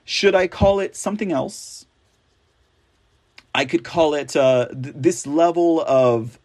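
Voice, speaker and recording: A man's voice: a little high, lively intonation, darkish tone. A man hosting a political news show, reading stories aloud with sarcastic, rambling, mocking asides. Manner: slow, drawn-out delivery.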